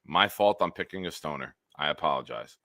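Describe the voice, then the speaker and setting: A man's voice: rumbling low, animated, brisk, pushed and bright, dry recording, clean studio sound. Joking man hosting a sports stream. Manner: joking, rambling, hypes the chat. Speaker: host. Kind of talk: casual sports talk livestream.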